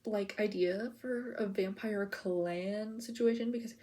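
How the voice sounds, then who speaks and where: Her mid-range voice is dark and steady, moving a little slowly. This woman vlogger chats casually to camera, giggling and wandering as she pours out information with plenty of "like" and "okay?"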